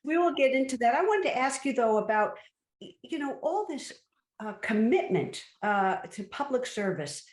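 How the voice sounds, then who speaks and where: An older woman co-hosting an interview, chatty and halting with fillers. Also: on the high side, very animated. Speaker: co-host. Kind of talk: casual interview chat. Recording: roomy echo.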